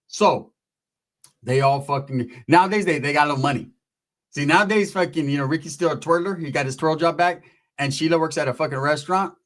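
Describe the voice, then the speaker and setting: Casting: male comic storyteller, rambling and profane, voice on the higher side. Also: brisk, fairly bright tone. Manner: profane, rambling, slips into impressions of relatives. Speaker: comedic storyteller. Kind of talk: casual comedic storytelling monologue.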